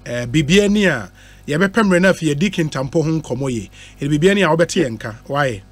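A Ghanaian radio talk-show host with a slightly high voice speaks quickly into a studio microphone, mixing Twi and English. Animated and laughing, he reads out messages from listeners.

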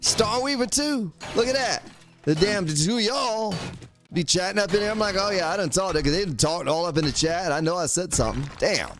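A man's voice: high-pitched, lively intonation, fairly quick, music in the background. A man streaming a game, joking around and teasing his chat viewers by name as he plays. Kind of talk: casual gameplay livestream commentary.

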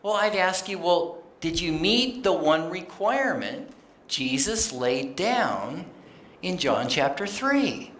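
An unhurried preacher with a swooping, expressive delivery, speaking plainly and reading out scripture between friendly asides to the congregation. The voice rings through a roomy church sanctuary. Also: mid-range voice. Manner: animated, plainspoken, quoting scripture and addressing the congregation. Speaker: guest speaker on missions. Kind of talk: conversational sermon.

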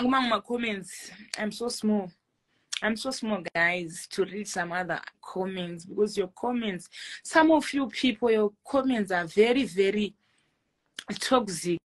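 Young Zimbabwean woman, slightly high voice, brash and self-assured live-stream chatter, preachy pep talk. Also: rough recording. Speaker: social media personality doing a live stream. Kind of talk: casual live-stream chat reading comments.

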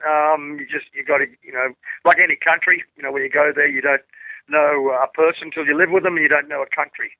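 A man's voice: a little high, steady tone, brisk, no echo. A man in his sixties with an Australian accent, a rock singer giving an interview, talking in a laid-back, rambling way with many fillers and restarts. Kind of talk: casual interview chat. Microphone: telephone. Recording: dry tinny phone line.

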